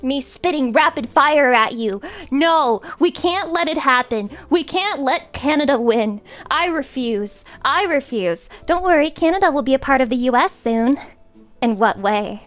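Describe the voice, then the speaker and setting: A woman streamer chatting casually on a livestream, animated and swearing as she rants jokingly. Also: high voice, unhurried, soft background music.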